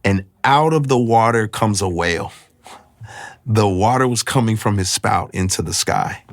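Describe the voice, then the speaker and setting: A man telling his personal faith testimony in a reflective, halting, emotional way. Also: lowish voice, lively intonation, no echo. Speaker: guest sharing his testimony.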